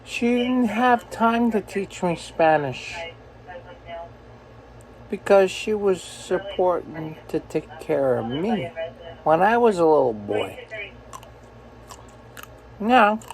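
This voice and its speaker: A man's voice: sits high, very animated, takes it slowly, long pauses, low-quality recording. A man in his forties, a truck driver, ranting in a profane, angry, rambling way while filming himself on a phone in his truck cab. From United States. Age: 40s. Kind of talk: ranting self-filmed vlog.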